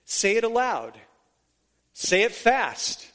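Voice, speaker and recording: A man's voice: extremely high pitch, very animated, slow, fairly bright tone. A man preaching a sermon as pastor, earnest and emphatic, repeating phrases to drive points home.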